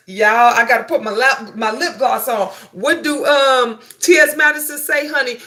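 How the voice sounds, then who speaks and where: Middle-aged woman live-chat host, high and bright, swinging pitch, slangy excited banter, phone mic in a bathroom. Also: moderate pace, hardly any pauses. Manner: greets chatters excitedly, laughs often, slangy banter. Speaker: livestream host. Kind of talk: casual live chat reading comments. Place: her bathroom.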